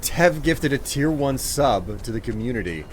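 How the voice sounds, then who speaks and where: A man's voice: medium pitch, lively intonation, normal speed, background noise. A man streaming a game live, chatting casually with viewers, thanking them for gifts and sounding exasperated at their requests.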